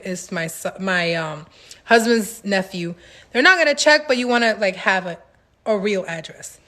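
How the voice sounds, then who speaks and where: A woman hosting a casual livestream Q&A, telling stories in an animated, slangy way with laughs, into a phone mic. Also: mid-range voice. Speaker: livestream host answering viewer questions.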